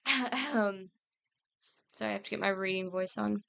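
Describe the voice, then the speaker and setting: Smooth-voiced woman co-hosting a podcast. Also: mid-range voice, normal speed, a bit bright. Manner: laughs often, stumbles over reading. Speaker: podcast co-host. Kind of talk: casual chat, reading notes aloud.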